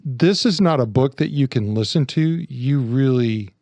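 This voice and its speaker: A man co-hosting a podcast who talks thoughtfully, haltingly, and often restarts his phrases. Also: medium pitch, lively intonation, dark tone, dry recording. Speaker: podcast co-host. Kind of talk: casual discussion.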